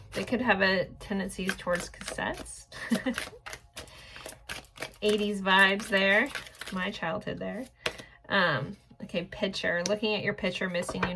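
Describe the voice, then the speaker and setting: A woman's voice: medium pitch, gravelly, noisy background. A woman in her forties giving a casual pick-a-card tarot reading, rambling and chatty with lots of filler words. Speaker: tarot reader.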